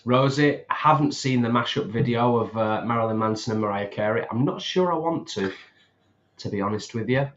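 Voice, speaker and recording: A man's voice: mid-range voice, brisk, highs cut off. A man co-hosting a casual livestream, reading out viewer comments and chatting, with laughs along the way. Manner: chatty, laughs often, reads comments aloud. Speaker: co-host reading chat.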